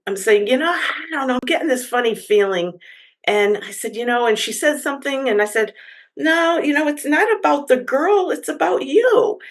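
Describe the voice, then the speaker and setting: A woman in a church group telling a personal story in a chatty, halting way, with many fillers and restarts. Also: mid-range voice, low-quality recording. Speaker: church member sharing a story. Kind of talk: casual storytelling.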